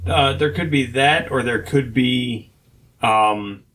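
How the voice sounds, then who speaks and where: Bright-voiced man rambling through ideas. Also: mid-range voice, slow. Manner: rambling, hedging, thinks aloud with many restarts. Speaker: podcast co-host. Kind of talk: casual chat.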